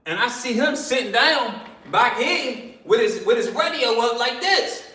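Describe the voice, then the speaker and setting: A man telling a story in a casual, animated, slangy way, laughing often. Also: very high voice, unhurried.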